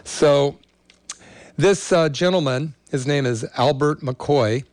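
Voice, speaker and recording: A man's voice: a little high, slow, a little mellow, no echo. Middle-aged guy hosting a health show, rambly story with lots of ums, dry sound. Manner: rambling, many fillers. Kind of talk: casual storytelling.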